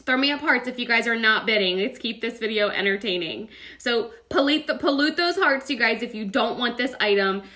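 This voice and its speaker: A woman with a drawl hosts a live online auction, calling out bidders by name in a chatty, playful way. Her voice sits high and comes across bright and sharp, with laughter never far off. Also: expressive, brisk. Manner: chatty, upbeat, calls out bids by name. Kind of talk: casual live-stream auctioneering.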